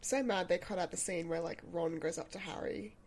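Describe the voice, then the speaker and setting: A woman's voice: fairly low pitch, steady tone, fairly quick, a little mellow. A woman chatting casually and laughing often, with lots of "like". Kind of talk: casual chat.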